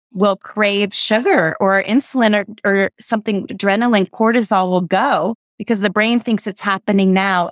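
A woman's voice: mid-range voice, dry recording, studio quality. Woman teaching, rambling and self-correcting. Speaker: guest, intuition teacher. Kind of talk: conversational interview, explaining ideas.

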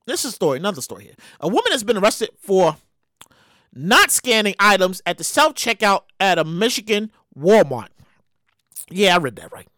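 A woman hosting her own show, giving animated, profane comedic commentary on news stories and repeating her words as she riffs. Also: mid-range voice, moderate pace, dry recording, clean studio sound. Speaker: podcast host.

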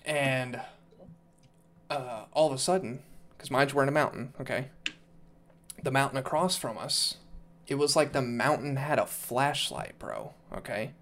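A man's voice: medium pitch, a little slow, pauses often, a bit bright. A young man on a casual podcast, telling loose, profane stories full of fillers. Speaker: podcast co-host. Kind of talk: casual chat.

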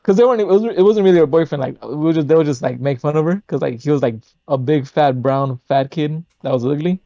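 A young man with a slightly high voice rambles through a story, piling up fillers and swearing as he goes. The sound is dry and a little dull. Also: fast talker, mellow, no echo. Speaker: podcast host. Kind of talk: casual chat.

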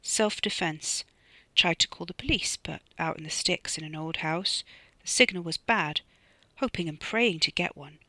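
A desperate young man hisses and pleads his way through a lie, as an author reading an audiobook puts him on. The tone stays bright and forceful, close and dry with no room sound. His words come through gritted teeth. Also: medium pitch, moderate pace, dry recording. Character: panicking young man covering up a killing.

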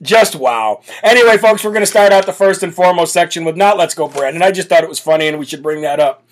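A man's voice: a little high, fast. An American man hosting a political talk show, reading donor messages aloud and leading prayer in a brash, bold way. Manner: laughs and chants loudly.

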